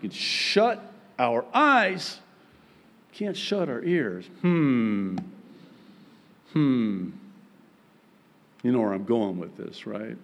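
A man preaching a sermon as pastor, with emphatic, raised high-pitched points broken by quiet, joking asides. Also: animated, very slow, long pauses. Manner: humorous, self-deprecating asides.

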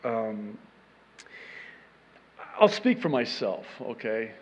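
A man preaching a sermon on proverbs, animated and self-deprecating, often restarting his sentences. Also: lowish voice, very slow, breathy edge, in a large hall, dull audio. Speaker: pastor.

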